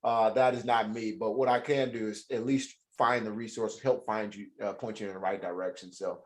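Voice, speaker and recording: A man's voice: lowish voice, steady tone, normal speed. A man hosting a casual interview over a video call, talking in a chatty way with many restarts. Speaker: host.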